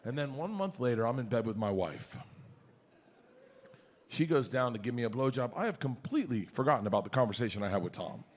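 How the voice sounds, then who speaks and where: On a comedy club stage before an audience, a man with a medium-pitched voice tells a story loudly and briskly in his stand-up set. He animates it by jumping into shouted voices for the other people involved, with slight background noise present.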